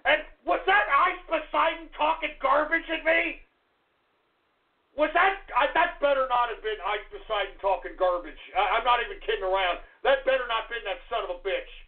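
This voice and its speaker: Cranky male radio host with a shrill, gravelly voice, yells through a tinny phone-like line. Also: moderate pace. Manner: irritable, yelling outbursts. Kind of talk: call-in radio commentary.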